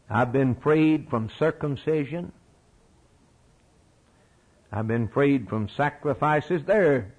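A man's voice: mid-range voice, darkish tone, husky, rough recording. A middle-aged man preaching a sermon in a folksy, emphatic way, repeating his key phrases.

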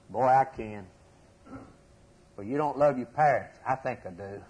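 A man preaching a sermon, telling the story with passion, rising to loud emphasis and dropping to low, hushed asides. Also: a little slow, long pauses, breathy edge, low-quality recording.

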